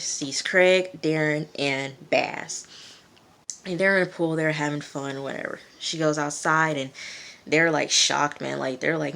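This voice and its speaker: A woman's voice: low voice, fairly bright tone. A woman casually recapping a TV episode, chatty and rambling, with lots of asides. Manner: rambling, chatty, full of asides and "you know". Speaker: TV reviewer.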